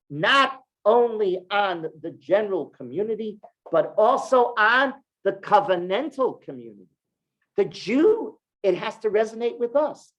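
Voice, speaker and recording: A rabbi giving a Torah class to a group of women, talking with emphatic rhetorical questions and repeated stresses. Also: male voice, sits high, poor audio.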